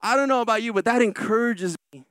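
High-voiced preaching pastor, dry close sound. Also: male voice, a bit bright, clean tone, no echo. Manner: preaching with slow, drawn-out emphatic lines and quick asides. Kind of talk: sermon.

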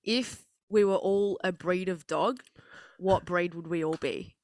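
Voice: mid-range voice, unhurried, dry recording. Podcast co-host in casual chat.

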